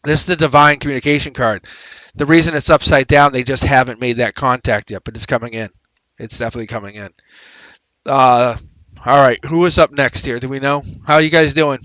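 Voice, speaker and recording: A man's voice: medium pitch, a bit bright, no echo, poor audio. Chatty man hosting a live tarot stream. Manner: upbeat, chatty, repeats phrases, laughs often. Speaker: tarot reader and livestream host. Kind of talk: casual livestream tarot reading.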